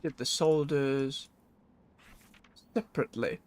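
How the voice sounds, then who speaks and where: A man's voice: mid-range voice, lively intonation, slow pace, a little mellow. A man chatting casually as he plays a video game on stream, thinking aloud and correcting himself.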